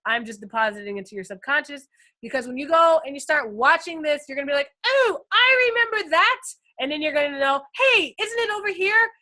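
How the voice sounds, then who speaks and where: A woman teaching a live trading lesson on screen, excitable and chatty, talking straight to her viewers and swinging from loud bursts to quiet asides. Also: on the high side. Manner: addresses viewers as guys and first timers. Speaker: trading instructor.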